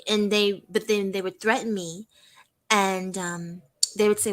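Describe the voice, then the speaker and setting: A woman's voice: medium pitch, steady tone, rough recording. A young woman speaks as a caller on a live talk show. She tells a painful personal story earnestly, stumbling and restarting her sentences as she goes. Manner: earnest, halting, with many restarts. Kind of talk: emotional personal testimony on a call-in show.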